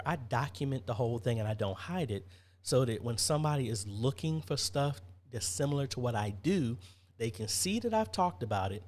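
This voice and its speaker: A man's voice: mid-range voice, darkish tone. A man hosting a casual live-stream Q&A, chatty, reading viewer comments aloud and answering them.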